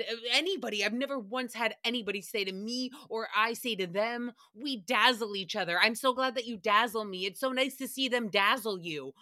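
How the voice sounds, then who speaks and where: A woman's voice: fairly high pitch, brisk, hardly any pauses, bright, forceful tone, no echo, clean studio sound. A woman hosting a casual solo recap podcast, ranting in a sassy, profane way and slipping into mock voices for quotes. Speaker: podcast host.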